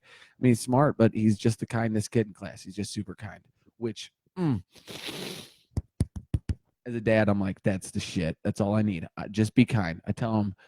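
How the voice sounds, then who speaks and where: A man's voice: medium pitch, dark tone, dry recording. A man in his thirties hosting a casual livestream, rambling and joking while greeting viewers by name. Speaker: livestream host.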